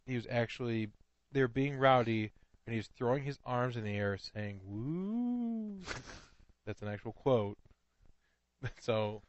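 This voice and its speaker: A man co-hosting a comedy podcast in casual chat, laughing often and getting excited. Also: fairly low pitch, no echo, dull audio. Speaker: podcast co-host.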